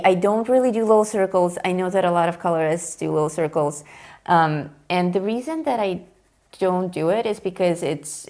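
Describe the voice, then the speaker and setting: A woman's voice: on the low side, darkish tone. A middle-aged woman hosting a live coloring show, chatting casually and explaining her technique while she draws, laughing easily. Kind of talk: casual chat while drawing.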